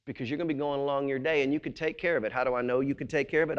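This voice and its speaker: A male pastor preaching a sermon, swinging between loud, emphatic stretches and low, quiet ones, with quick rhetorical questions. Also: steady tone, clean tone.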